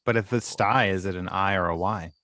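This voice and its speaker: A man co-hosting a podcast in casual joking chat, dropping deadpan crude one-liners. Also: sits low, a little fast, no echo, studio quality. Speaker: podcast co-host.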